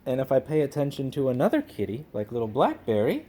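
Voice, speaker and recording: A man's voice: mid-range voice, huge pitch swings, fast, background noise. A man casually introducing his pet kitten on a vlog, coaxing his cats in a sing-song way.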